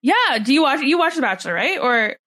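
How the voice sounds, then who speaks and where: A woman co-hosting a podcast, talking in a chatty, joking way. Her voice sits a little on the high side. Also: sing-song, sharp tone. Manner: chatty, playful, quick to joke. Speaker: podcast co-host. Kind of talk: casual chat.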